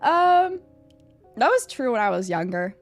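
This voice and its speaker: A young adult woman, a VTuber, chats casually with her live chat while answering a quiz about herself. She speaks at a measured pace over soft background music, animated and sometimes letting out loud, high squeals.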